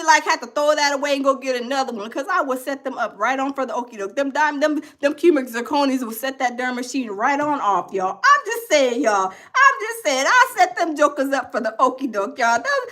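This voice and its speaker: High voiced lady chatting gossip on a livestream, animated, does other ppl's voices, lots of uhs. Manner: animated, acting out other people's voices, drawn-out fillers. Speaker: gossip show host. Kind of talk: casual livestream commentary.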